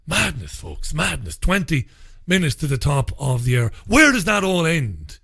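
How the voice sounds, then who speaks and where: A brash male talk radio host with a fairly high, bright, forceful voice. He answers listener messages in a sardonic, mocking way and swears freely. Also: huge pitch swings, normal speed, creaky, breathy edge. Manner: sardonic, sarcastic.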